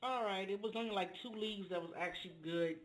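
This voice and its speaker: A man's voice: high voice, a little fast, a bit bright, a little hiss or hum, low-quality recording. A man chatting casually to viewers as a home cook while making a meal in his kitchen, rambling from one thing to the next. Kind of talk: casual cooking video.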